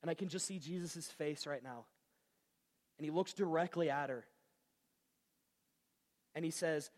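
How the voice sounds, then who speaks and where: A man's voice: a little high, a little slow, long pauses, in a large hall. A man preaching a sermon in a casual, conversational way with slang. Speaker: pastor.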